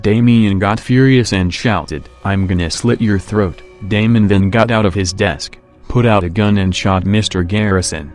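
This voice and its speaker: A man narrating a creepypasta horror story in a plain, steady storytelling manner. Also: fairly low pitch, moderate pace, few pauses, faint music behind. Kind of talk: creepypasta reading.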